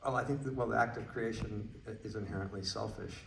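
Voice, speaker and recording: A man answering as a guest at a film Q&A, halting and searching for his words. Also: fairly low pitch, gravelly, fairly bright tone, slight background noise. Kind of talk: post-screening Q&A. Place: movie theater stage. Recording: roomy, distant theater audio.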